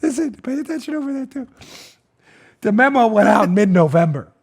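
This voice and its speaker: A man in his forties hosting a talk show, ranting with animated, mocking humor and frequent laughter. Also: extremely high pitch, brisk, vocal fry, husky. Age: 40s. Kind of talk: comedic political talk.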